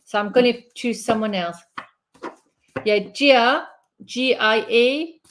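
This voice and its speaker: A woman's voice: on the high side, slow pace, slight background noise. A woman working as a spiritual medium in a live online reading, speaking in a soothing, reassuring way and often checking in with "okay?".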